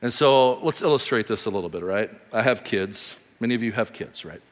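A man in his thirties preaching a sermon as pastor, telling stories animatedly and swinging from loud bursts to quiet, slow emphasis. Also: lowish voice, lively intonation. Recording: reverberant hall.

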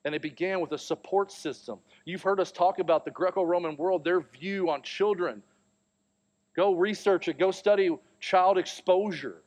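Pastor guy preaching, tells stories and does the voices, kinda high voice. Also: moderate pace. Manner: storytelling, animated, acts out quotes. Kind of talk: sermon.

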